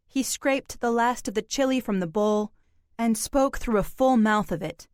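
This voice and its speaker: A woman narrating an audiobook in an even, measured reading. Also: on the high side, smooth, no echo, studio quality. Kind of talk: scripted narration.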